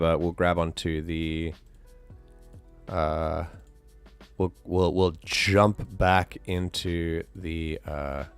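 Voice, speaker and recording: A man's voice: low voice, clean tone, no echo. A man chatting casually on a live stream, rambling with many restarts and fillers.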